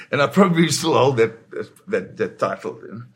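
A man's voice: mid-range voice, lively intonation, measured pace. A man, a photojournalist guest, telling a dramatic first-person story in a vivid way. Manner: vivid storyteller who slips into quoting voices.

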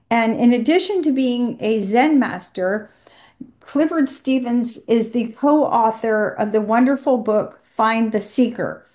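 Woman, radio host, brisk, upbeat, somewhat high voice. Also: darkish tone. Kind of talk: scripted show intro and interview.

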